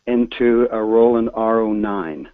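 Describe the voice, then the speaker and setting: A man calling in with a halting, self-conscious question about his recording setup, with frequent restarts. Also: lowish voice, dry recording. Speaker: caller. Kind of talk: hesitant call-in question. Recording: tinny phone line.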